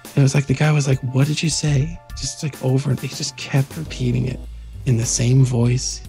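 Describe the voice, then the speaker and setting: A man co-hosting a podcast, telling a rambling, animated workplace story in casual chat. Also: medium pitch, fairly quick, vocal fry, soft background music. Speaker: podcast co-host.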